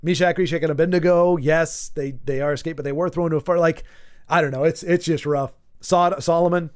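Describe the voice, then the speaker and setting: A man streaming a game and chatting casually, rambling in an animated way and often stumbling over his words. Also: a little high, fairly quick. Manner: rambling, animated, frequent stammered restarts. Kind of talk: casual chat while gaming.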